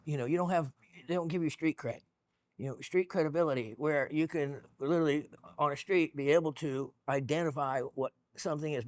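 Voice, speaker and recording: A man's voice: medium pitch, no room sound, clean studio sound. A man hosting a gemstone show, talking in a rambling, encouraging way with lots of fillers and restarts. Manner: chatty and encouraging. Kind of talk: casual educational talk.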